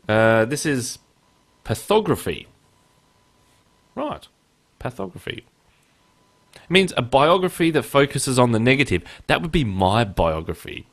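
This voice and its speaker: A man's voice: lowish voice, expressive, normal speed. A male podcast host chatting casually, joking about himself and laughing often.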